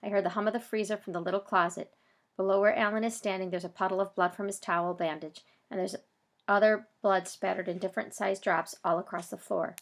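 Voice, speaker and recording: A woman narrating a first-person audiobook, reading the story and voicing its characters, with loud bursts for shouted lines. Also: mid-range voice, steady tone, fairly quick, gravelly.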